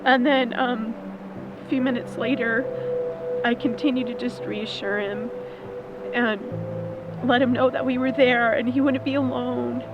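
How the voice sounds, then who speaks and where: Woman, fairly high voice, emotional, reflective interview, music behind. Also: steady tone, a little slow, long pauses, highs cut off. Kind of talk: documentary interview.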